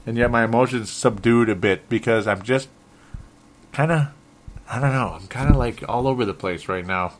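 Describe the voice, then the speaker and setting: A man's voice: mid-range voice, moderate pace, a little hiss or hum. A man hosting a solo sports talk show, frustrated and rambling, often correcting himself and chuckling. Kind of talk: solo sports podcast commentary.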